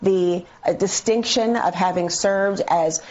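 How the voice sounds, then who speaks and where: A woman's voice: medium pitch, takes it slowly, darkish tone, lo-fi sound. A woman legal analyst speaking emphatically and earnestly in a television commentary segment, building long sentences.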